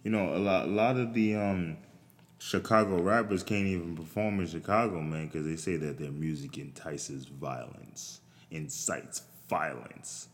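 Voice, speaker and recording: A man hosting a show, ranting in a loose, profane, rambling way and breaking into shrill, disbelieving outbursts. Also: a little slow. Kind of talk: solo comedic rant. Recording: long reverb.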